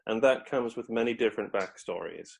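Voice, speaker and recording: A man's voice: lowish voice, fairly quick, vocal fry, a little mellow. A man guesting on a history podcast, telling a story in a loose, rambling way, with lots of hesitations and restarts. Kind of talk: casual conversational history chat.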